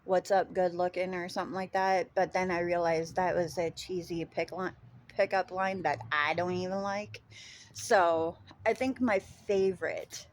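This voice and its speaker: Slow-talking woman with a Minnesota accent. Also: on the low side, steady tone, a little hiss or hum. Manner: rambling with frequent ums, casual swearing. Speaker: vlogger. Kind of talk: casual chat.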